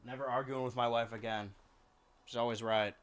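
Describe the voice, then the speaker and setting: A man's voice: mid-range voice, fairly even intonation, a little fast, smooth. Chatty male streamer cooing at cats. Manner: chatty, coos and baby-talks to his cats. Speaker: live streamer. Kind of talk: casual stream chat.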